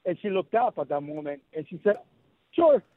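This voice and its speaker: High-voiced man caller on a phone line. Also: fast. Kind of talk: phone-in storytelling. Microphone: telephone. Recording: tinny phone line with faint music.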